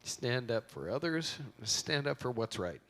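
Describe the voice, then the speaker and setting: A man's voice: mid-range voice, big pitch swings, a little slow, a bit bright. A middle-aged man giving an informal eulogy in a convention hall on a handheld mic, rambling and joking as he tells stories. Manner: rambling, joking storytelling with acted quotes. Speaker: eulogy speaker. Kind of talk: informal memorial speech.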